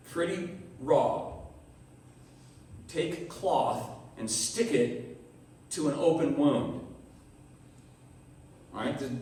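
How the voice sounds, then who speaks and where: A man's voice: mid-range voice, a little mellow, a little hiss or hum. A man preaching a sermon as pastor, talking in a conversational way and acting out the voices of people in the story. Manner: conversational, acts out quoted voices. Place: church hall. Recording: echoey room, heard from a distance.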